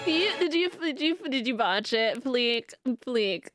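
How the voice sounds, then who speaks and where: A woman's voice: a little high, animated, unhurried, over music. A woman streamer chatting casually with her viewers, rambling and restarting her sentences. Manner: rambling, many fillers and restarts.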